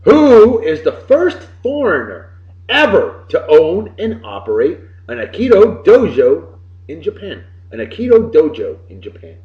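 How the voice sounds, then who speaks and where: Podcast host, New man in his late 30s, exuberant and lively, in a roomy room on a muffled recording. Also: high voice, measured pace. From Massachusetts. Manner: exuberant, swings between loud bursts and mumbled asides. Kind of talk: casual birthday shout-outs.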